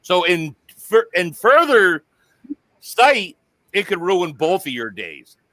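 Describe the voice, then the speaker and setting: Crude, joking man with a bright voice. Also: sits high, big pitch swings, slow, no echo. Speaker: host. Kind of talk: casual live-stream chat.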